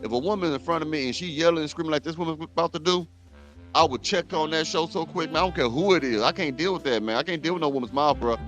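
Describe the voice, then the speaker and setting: Brief: male reaction host, blunt heated rant, a bit high-voiced, soft music bed underneath. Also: fast talker. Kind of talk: commentary rant.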